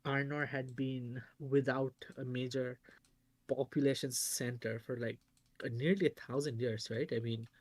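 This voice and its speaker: Expressive man with an Indian accent. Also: medium pitch, no room sound. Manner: expressive, quick to agree and joke. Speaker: podcast co-host. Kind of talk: casual livestream chat.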